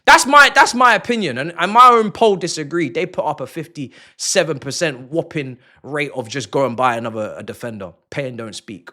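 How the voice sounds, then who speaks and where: A young man giving an excited fan reaction to a football match, playful and full of repeated words for emphasis. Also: a little high, a little fast, hardly any pauses. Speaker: football channel host.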